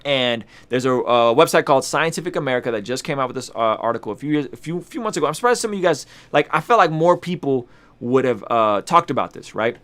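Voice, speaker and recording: A man's voice: medium pitch, lively intonation, fast, fairly bright tone. A man hosting a casual vlog, talking straight to his viewers, emphatic and repeating lines for effect. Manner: addresses viewers directly, conversational slang. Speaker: YouTube host.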